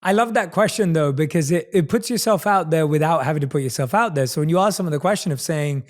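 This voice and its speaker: A man's voice: a little high, fast talker, hardly any pauses. A man hosting a podcast interview, enthusiastic and affirming as he asks questions. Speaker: podcast host. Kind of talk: conversational interview.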